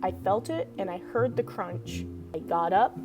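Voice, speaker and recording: A woman vlogger telling a personal story in an animated, dramatic, self-mocking way. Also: medium pitch, measured pace. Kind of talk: storytime vlog. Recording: music playing underneath.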